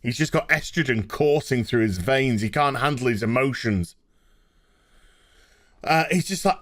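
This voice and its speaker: A man's voice: mid-range voice, lively intonation, unhurried, long pauses, fairly bright tone, dry recording, clean studio sound. A man reviewing a show in an exasperated, sweary rant. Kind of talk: ranting review.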